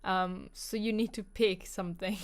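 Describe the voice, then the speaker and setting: A chatty woman co-hosting a podcast, her voice sitting at an ordinary middle pitch. She talks loosely, with plenty of fillers and easy laughter, and faint music plays behind her. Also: steady tone, unhurried. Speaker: podcast co-host. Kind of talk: casual chat.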